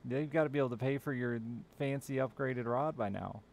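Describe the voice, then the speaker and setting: A man's voice: mid-range voice, a little fast, gravelly, a little mellow, a little hiss or hum. A man streaming a game live, chatting casually with viewers in a sardonic, teasing way and swearing freely. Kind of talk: casual gaming stream chat.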